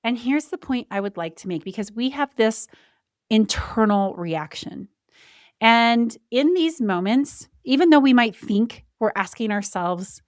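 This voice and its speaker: A woman hosting a solo podcast, speaking candidly and reflectively. She slows down and pauses deliberately to stress her points. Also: on the high side, expressive, no echo, clean studio sound. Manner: candid and emotional, with brief laughs. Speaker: podcast host.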